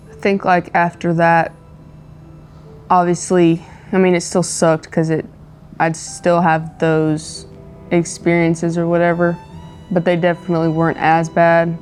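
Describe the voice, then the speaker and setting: A young woman telling a personal story softly and hesitantly, with many fillers, in a casual chat. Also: lowish voice, level tone, measured pace, soft background music. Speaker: wife co-host of couple's channel.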